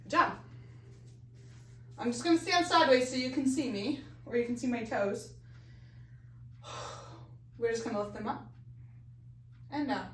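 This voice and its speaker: A woman's voice: on the high side, a little slow, long pauses, far from the mic, a little hiss or hum. A woman leading a balance exercise class, counting reps and giving coaching cues, a little out of breath. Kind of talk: live fitness class instruction. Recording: echoey room, voice off-mic.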